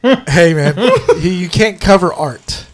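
A man co-hosting a podcast, chatting casually about movies, laughing often and swearing, with many drawn-out fillers. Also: high-pitched, expressive. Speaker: podcast co-host.

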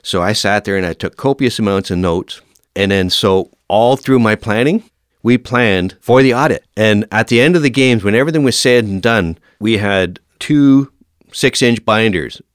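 Low-voiced man telling stories. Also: moderate pace, dry recording, studio quality. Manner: animated, emphatic storyteller who laughs often. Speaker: fire service officer, guest. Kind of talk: casual anecdotal storytelling.

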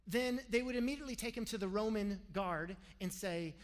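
Animated man preaching in a reverberant hall. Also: high voice, brisk, few pauses. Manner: lively, animated delivery with humorous asides. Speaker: pastor. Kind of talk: sermon.

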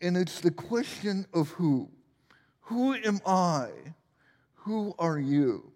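A man's voice: high-pitched, lively intonation, slow, darkish tone, long reverb tail. A man in his forties preaching a sermon as pastor, playful and joking at his own expense. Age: 40s. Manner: playful, self-deprecating humor.

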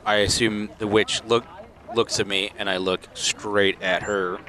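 A man playing a tabletop game, describing his character's moves in a deliberate, wry way. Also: on the low side, level tone, sharp tone. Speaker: player. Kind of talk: casual tabletop game chat.

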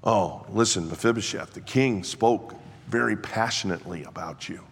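A man voicing a dutiful royal messenger, brisk and insistent. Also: fairly low pitch, husky. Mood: earnest. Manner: brisk, insistent, calls out loudly. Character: king's messenger, a dutiful male servant. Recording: long hall reverb.

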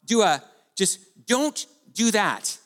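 A man preaching a sermon as pastor, animated and conversational, with rhetorical questions to the congregation. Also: high-pitched, slow. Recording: long hall reverb.

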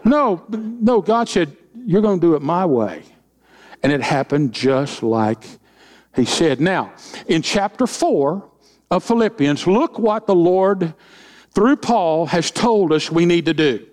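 A man's voice: high voice, lively intonation, slow, a little mellow. A middle-aged man preaching as senior pastor, in a folksy way with joking asides and acted-out quotes. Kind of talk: sermon with humorous stories.

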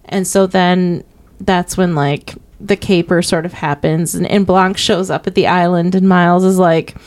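A woman's voice: on the low side, fairly even intonation, unhurried, darkish tone. Woman casually recapping a movie plot. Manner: recaps the plot in detail, asks questions. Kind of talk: casual chat about a film.

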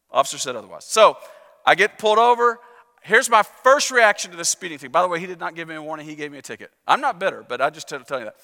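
A man's voice: sits high, pushed and bright. A man preaching a sermon in a conversational, self-deprecating storytelling way, asking the congregation to repeat after him. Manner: urges the congregation to repeat phrases. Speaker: pastor. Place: church sanctuary. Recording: reverberant church sanctuary.

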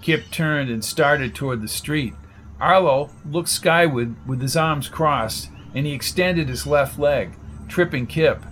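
A man reading a crime novel aloud as the audiobook narrator, in steady storytelling. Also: a little high, takes it slowly.

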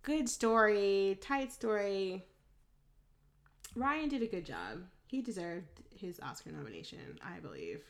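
A woman's voice: mid-range voice, sing-song, a little slow. A young woman co-hosting a podcast in casual chat, blunt and swearing freely, laughing often. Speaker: podcast co-host.

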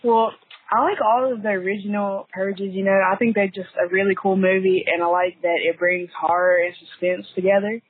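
A woman's voice: medium pitch, steady tone, fairly quick, husky. A woman in a casual chat, talking bluntly and swearing offhandedly. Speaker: guest. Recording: tinny phone-like recording with faint hiss.

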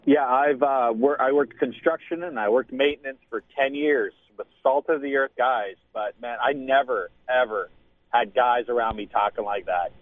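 A man's voice: medium pitch, normal speed, dry recording. A man calling a radio show, plain-spoken and emphatic. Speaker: caller. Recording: tinny phone line.

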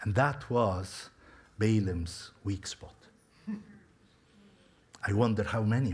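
Slow, conversational male preacher. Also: on the low side, a little mellow, husky. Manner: storytelling, talks to listeners directly. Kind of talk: conversational sermon.

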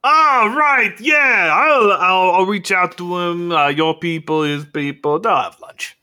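A man voicing an excitable, stammering male street contact in a tabletop game. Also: high voice, slow pace, voice pushed up, exaggerated voice. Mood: eager. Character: fast-talking high-pitched male street contact.

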